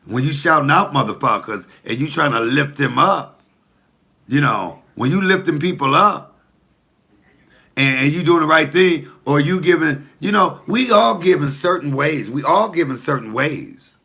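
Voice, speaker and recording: A man's voice: on the high side, animated, normal speed, creaky, sharp tone, breathy edge. A comedian talking casually to the camera, blunt, profane and preachy as he tells stories and gives advice.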